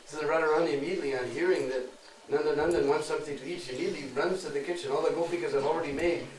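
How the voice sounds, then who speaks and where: A man telling a devotional story dramatically, hushing and swelling, heard in an echoey, distant recording. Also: fairly high pitch, fairly even intonation, very fast. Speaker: storyteller preacher.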